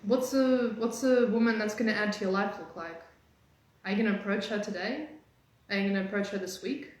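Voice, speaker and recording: A woman dating coach giving energetic, teasing motivational talk on a live stream. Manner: energetic, teasing, fast-changing pitch. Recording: very echoey room.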